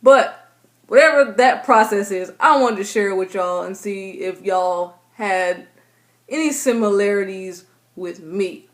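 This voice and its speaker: A woman's voice: medium pitch, a little slow. A young woman, chatting casually to her camera and acting out her own thoughts in playful voices. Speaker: vlogger.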